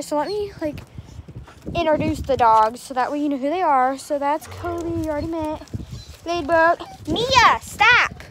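A woman chatting casually to camera outdoors, often telling her dogs to get down. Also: high-pitched. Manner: chatty, scolding dogs between remarks. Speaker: vlogger. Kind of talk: casual vlog talk to camera. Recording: loud wind and background noise.

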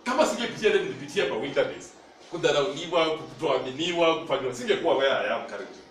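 Rapid-fire and lively in intonation, this fairly high male voice belongs to a Kenyan-accented preacher. He alternates between Swahili and English and calls for congregational responses. The echoey church hall, distant mic, and slight hiss or hum shape the sound.

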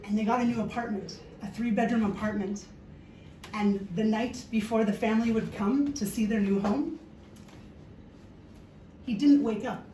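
A Canadian woman on stage entertains a live audience with a funny, playful story and jokes aimed at the crowd. Her fairly high voice is warm and fairly even, moving at a moderate pace with long pauses. The sound is distant and echoey, as in a hall, with a little hiss or hum.

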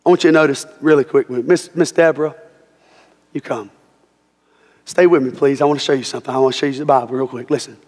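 A man's voice: mid-range voice, fairly even intonation, fast talker, pauses often, a little mellow. A male pastor delivering an impassioned sermon, often repeating "listen to me" as he builds up. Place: church sanctuary. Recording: reverberant church hall with music.

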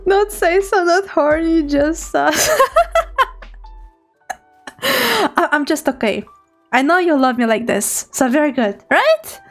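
A woman's voice: very high voice, big pitch swings, slow pace, long pauses, faint music behind. A woman VTuber streamer chatting casually with her viewers, bubbly and giggly, teasing playfully between thank-yous.

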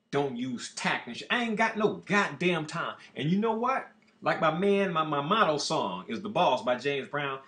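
A man's voice: a little high, sharp tone. A man hosting a show who rants in a brash, boastful and profane monologue. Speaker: show host. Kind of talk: ranting monologue. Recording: echoey room.

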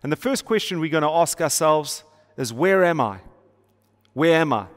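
A man's voice: fairly high pitch, animated, normal speed. A middle-aged man preaching a sermon to an online audience, emphatic and repetitive, with rhetorical questions and playful asides. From South Africa. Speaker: pastor. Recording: long hall reverb.

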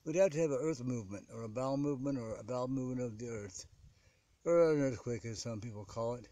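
A man from California narrates a casual vlog outdoors. His voice sits in a middle pitch, and he rambles along with playful, jokey asides. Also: fast talker, warm tone, dry recording. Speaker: vlogger.

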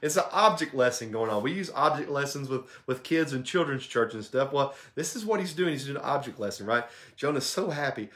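A man's voice: brisk, hardly any pauses. A man teaching a church Bible study in a conversational way, often checking in with his listeners and acting out the quoted lines. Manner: conversational, checks in with "okay?" and "right?"; animated, acts out quotes with shifts in pitch.

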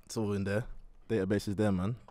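A man on a football podcast panel, making defensive, deadpan asides. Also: on the low side, fast, no echo. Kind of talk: casual football banter.

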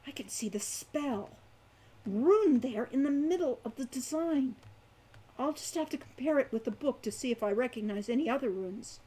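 A man's voice: extremely high pitch, moderate pace, breathy edge, exaggerated voice, poor audio. A woman reading aloud and voicing an aloof young male spellcaster who speaks icily and scornfully. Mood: cool. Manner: icy, scornful, calm.

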